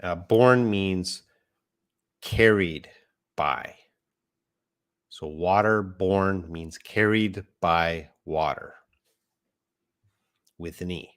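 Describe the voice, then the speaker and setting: A man's voice: sits low, drawn-out words, long pauses, smooth. A middle-aged man teaching a live online English lesson, patiently explaining words step by step and correcting himself as he goes.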